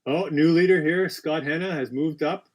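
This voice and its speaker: A man's voice: a little high, normal speed, a little mellow. A man hosting a live-stream quiz, reading out questions with chatty, apologetic asides and frequent self-corrections. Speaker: quiz host.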